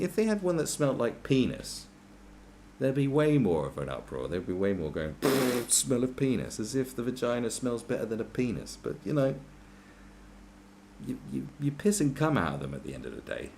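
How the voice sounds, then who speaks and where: A man's voice: mid-range voice, big pitch swings, moderate pace, creaky, a little mellow, slight background noise. A man on a podcast, ranting crudely and sarcastically with many restarts and mocking asides. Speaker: podcast host. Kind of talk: crude comedic rant.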